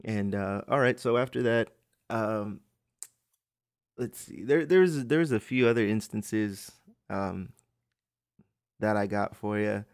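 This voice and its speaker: Male podcast host, low voice, profane and exasperated rambling anecdotes, dry recording. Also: slow, pauses often, clean tone, no echo. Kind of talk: casual storytelling rant.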